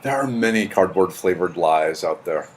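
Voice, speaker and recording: A man's voice: low voice, lively intonation, normal speed. A man hosting a casual live stream at home, greeting viewers by name and rambling with dry jokes into his computer's built-in mic. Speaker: live stream host reading chat. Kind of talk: casual chat. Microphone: computer's built-in mic, not his usual one.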